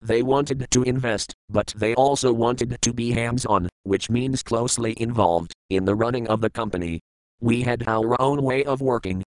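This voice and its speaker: A male audiobook narrator telling a first-person story in a measured, plain way. His voice is smooth and clear at a middle pitch. The recording is dry and close, with no room sound. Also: dry recording, low-quality recording.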